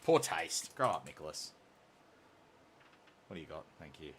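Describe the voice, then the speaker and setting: In a hobby shop office, a man hosting a live stream paints miniatures while joking and teasing in casual chat. His voice is very deep and sing-song at a moderate pace, and his manner is playful, teasing and self-mocking. There is slight background noise.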